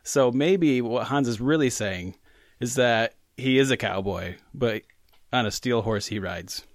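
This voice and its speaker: A man with a medium-pitched voice speaks at a measured pace with no echo. He's co-hosting a casual podcast chat, rambling and joking as he keeps correcting himself.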